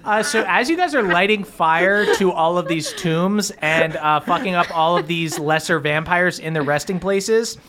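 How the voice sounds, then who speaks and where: A man's voice: sits high, normal speed, hardly any pauses, noisy background. A man as game master, casually narrating a tabletop game with many fillers and the odd curse.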